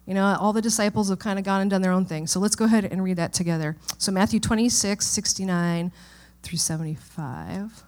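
A woman's voice: medium pitch, a little fast, darkish tone. A woman pastor giving a casual, conversational sermon and Bible study, often checking in with listeners. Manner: chatty, informal, frequent "okay?" checks with listeners.

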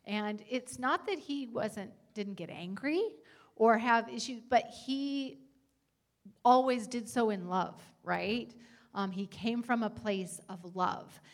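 Woman, church guest speaker, gentle and earnest, slightly higher voice. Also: slow pace. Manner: earnest, warm, gentle with frequent fillers. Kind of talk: church talk on etiquette.

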